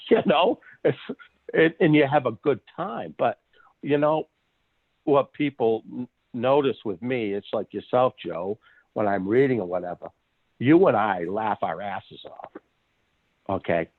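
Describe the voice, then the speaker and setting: A man's voice: mid-range voice, a little slow, no echo. A man, a psychic medium, chatting casually as a podcast guest and telling stories with lots of restarts and laughs. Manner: animated storyteller, restarts a lot, laughs often. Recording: tinny phone line, dry.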